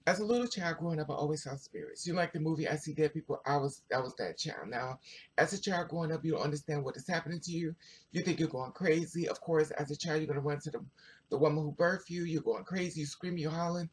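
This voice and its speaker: A vlogger telling a personal story to viewers in a chatty, animated way, full of asides. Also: mid-range voice, fast, slight background noise. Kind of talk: casual storytelling to camera.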